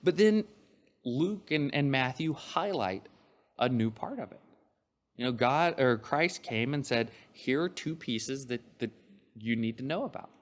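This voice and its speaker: A man's voice: mid-range voice, lively intonation, unhurried. A man preaching a sermon, reading scripture aloud and explaining it in a conversational way, with frequent fillers and restarts.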